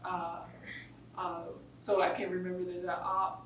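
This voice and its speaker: A middle-aged woman with a New York accent, speaking casually to a class in a lowish voice and telling stories with plenty of animation. She sounds far from the mic in a roomy classroom, with faint background hiss. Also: a little slow. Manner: animated storytelling, laughs often. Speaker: guest speaker.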